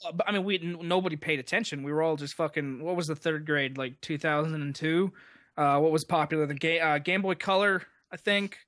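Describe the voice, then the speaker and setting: A man's voice: a little high, fairly quick, fairly bright tone, dry recording, clean studio sound. A young man co-hosting a podcast in loose, rowdy chat, swearing and laughing through his own impressions. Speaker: podcast co-host. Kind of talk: casual chat.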